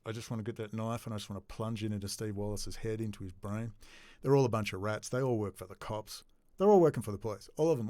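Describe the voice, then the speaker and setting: A man's voice: fairly low pitch, dry recording, studio quality. A man in an unscripted, angry, profane rant to camera. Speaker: video blogger.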